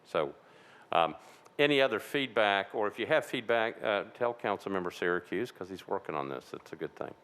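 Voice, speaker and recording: A man's voice: lowish voice, animated, a little fast, fairly bright tone. A man, a vice mayor, chairing a city council committee meeting in an easygoing, joking way.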